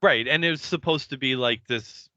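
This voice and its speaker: A man's voice: mid-range voice, moderate pace, pushed and bright, dry recording, dull audio. A man co-hosting a podcast in casual chat, chiming in with short agreement and opinions. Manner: chimes in with short agreement and laughs. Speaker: podcast co-host.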